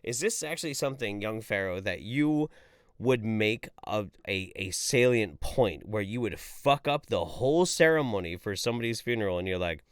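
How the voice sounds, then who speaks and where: A man hosts a livestream and rants through the chat messages with plenty of swearing. His pitch leaps around as his exasperation builds. The sound is close and dry, with no room echo. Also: expressive, normal speed, smooth. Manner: profane, exasperated ranting; swings between loud outbursts and mumbled asides. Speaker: commentary streamer reading viewer chats. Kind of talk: livestream commentary.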